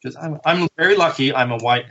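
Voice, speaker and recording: A man's voice: a little high, fairly quick, creaky, dull audio, noisy background. A middle-aged man with an Australian accent, chatting wryly as a podcast guest. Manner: chatty, wry, self-deprecating. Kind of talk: casual podcast chat.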